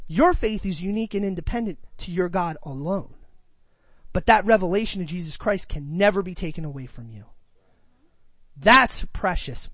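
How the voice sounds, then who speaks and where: A man's voice: high voice, a bit bright, no room sound. A man preaching a sermon, reading scripture and asking his congregation questions with emphatic delivery.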